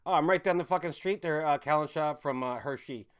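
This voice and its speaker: A man's voice: on the high side, fairly quick, clean tone. A man hosting a casual livestream, rambling as he answers viewer chat, swearing freely and laughing often. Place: home in a city.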